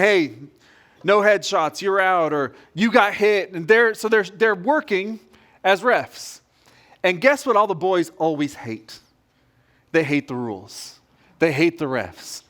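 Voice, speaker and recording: Man, pastor, high-pitched, lively sermon storytelling. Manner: storytelling, animated, addresses congregation directly.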